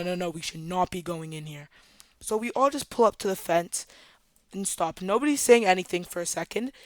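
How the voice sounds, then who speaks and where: A young adult vlogger telling a storytime tale in a casual, dramatic, animated way. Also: medium pitch, dry recording.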